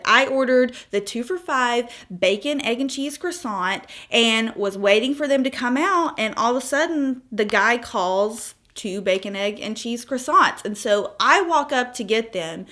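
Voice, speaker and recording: A woman's voice: fairly high pitch, fairly bright tone. A 25-year-old woman chatting casually through a makeup tutorial, telling stories with asides and laughs. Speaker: beauty vlogger.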